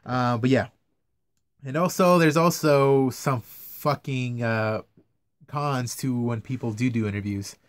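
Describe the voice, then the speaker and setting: A man's voice: medium pitch, slow pace, no echo. A young man ranting casually to camera about his news camera work, swearing a lot and sounding exasperated. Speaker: vlogger, news camera operator.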